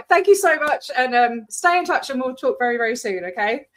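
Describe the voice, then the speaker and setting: A woman's voice: high-pitched, lively intonation, normal speed, a bit bright, a little hiss or hum. A woman host from Scotland with a London accent and an Australian twang, chatting casually and swearing freely in an interview.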